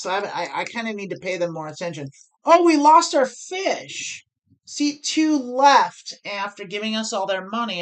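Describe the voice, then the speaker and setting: An American woman streaming online poker, explaining her decisions as she thinks aloud and corrects herself. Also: fairly low pitch. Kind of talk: live-stream strategy commentary.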